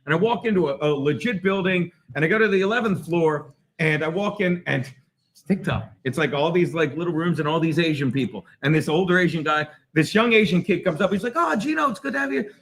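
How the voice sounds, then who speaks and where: A man's voice: fairly high pitch, brisk. A man hosting a live stream from a bar, telling a rambling story with restarts and swearing. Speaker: host. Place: bar in New York City.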